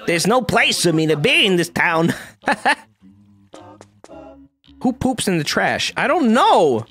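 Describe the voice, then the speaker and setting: A lively game streamer whose pitch swings widely as they joke and react. They read dialogue aloud and curse casually. Faint game music plays behind the voice. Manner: lively, joking, reads game dialogue aloud, swears freely. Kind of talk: casual let's-play commentary.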